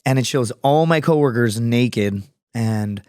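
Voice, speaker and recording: Man, podcast guest, casual storytelling, swears a lot, acts out voices, mid-pitched, dry close studio mic. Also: measured pace, smooth, no echo. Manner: profane, animated, acts out quoted voices.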